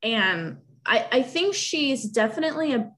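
A woman's voice: a little high, sing-song, measured pace, fairly bright tone. A young woman telling a personal story in casual talk, emotional and rambling, with many restarts.

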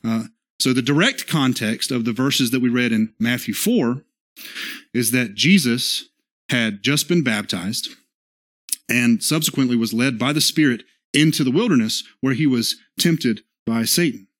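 A man's voice: mid-range voice, a bit bright. Man preaching an earnest sermon. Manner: earnest preaching, often checking in with "okay?" and "right?"; slows for scripture quotes, acts out short dialogue. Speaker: pastor.

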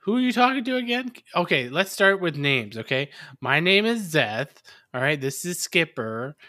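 A man's voice: fairly high pitch, big pitch swings, moderate pace, pushed and bright. A man playing a tabletop game in character, teasing and joking with the others. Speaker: player.

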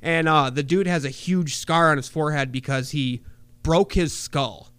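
A man's voice: fairly high pitch, moderate pace, clear, resonant tone, no room sound. Man telling a profane story, dry mic. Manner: animated, profane, filler-heavy storytelling. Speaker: podcast co-host. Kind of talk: casual chat, storytelling.

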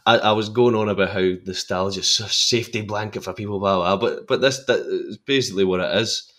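An actor guesting on a podcast, chatting about a film with enthusiasm and many repeated words and restarts. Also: male voice, fairly low pitch, brisk, a bit bright. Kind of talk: casual film-discussion chat.

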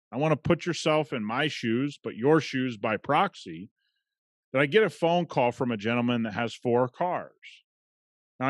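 A man's voice: medium pitch, no room sound, clean studio sound. A man hosting a podcast, telling a story in a conversational, emphatic way. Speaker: podcast host. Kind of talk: casual podcast monologue.

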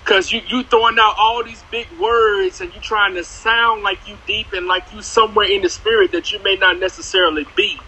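A man hosting a church talk show, encouraging his guest with quick affirmations and then explaining his point. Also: high voice, fairly even intonation, sharp tone, slight background noise, poor audio.

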